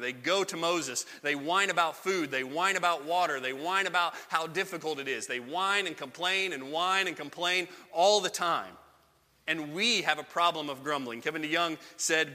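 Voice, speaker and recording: A man's voice: on the high side, sharp tone. A man giving a conversational sermon as a pastor, acting out the voices he quotes. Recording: long echo of a large hall.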